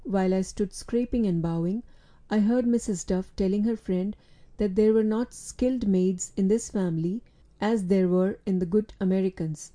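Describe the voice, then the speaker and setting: A woman narrating a storybook in a steady, clear reading voice. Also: mid-range voice. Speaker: audiobook reader.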